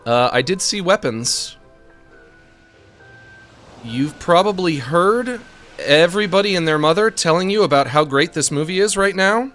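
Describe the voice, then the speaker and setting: A man's voice: high voice, expressive, unhurried, pauses often, a bit bright, soft background music. A man streaming a game, chatting casually and rambling with jokes and self-mocking asides. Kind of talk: casual chat on a live stream.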